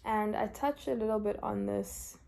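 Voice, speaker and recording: A woman's voice: medium pitch, moderate pace, gravelly. A tired young woman from South Africa, lying in bed and talking openly and emotionally in a confessional vlog. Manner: soft-spoken, emotional and open. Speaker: vlogger.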